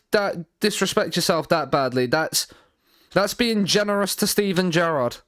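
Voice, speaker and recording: A man streaming a football management game, thinking out loud in a rambling way, often repeating and restarting his words, with dry sarcastic asides. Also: sits high, animated, a little slow, no echo. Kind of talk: live stream commentary while playing a football manager game.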